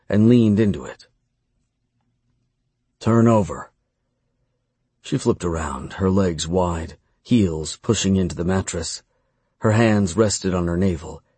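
A man with a very deep, husky voice reads an erotic story in the first person. His delivery is slow, measured and commanding, and the recording is close and dry with no room sound. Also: darkish tone, dry recording. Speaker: audiobook narrator.

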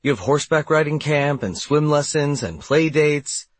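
A man's voice: a little high, expressive, moderate pace, no echo, pitched above the performer's own voice. A male audiobook narrator voicing a young woman guardian who talks to a child in a patient, coaxing but firm way.

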